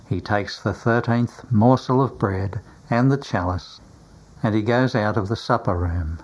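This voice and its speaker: A man reading a religious story aloud in a grave, measured manner. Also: lowish voice. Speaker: narrator. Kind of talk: scripted religious narration, audiobook reading.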